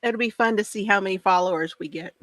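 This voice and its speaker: A woman hosting a casual crafting video, bubbly and excitable, laughing often as she talks. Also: mid-range voice, fast talker, no echo. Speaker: knitting video host.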